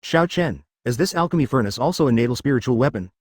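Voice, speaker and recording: A man's voice: mid-range voice, lively intonation, quick pace, a little mellow, dry recording, studio quality, close to an everyday voice. A man reading a playful young wife and mother. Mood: curious, playful. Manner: curious, playful.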